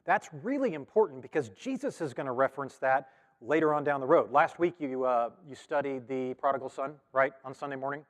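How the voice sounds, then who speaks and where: A man's voice: medium pitch, animated, fairly quick. Man teaching scripture in an echoing hall. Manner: conversational, with frequent fillers and self-corrections. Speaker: pastor teaching a Bible study. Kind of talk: casual Bible study teaching. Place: church hall. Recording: long reverb of a large hall.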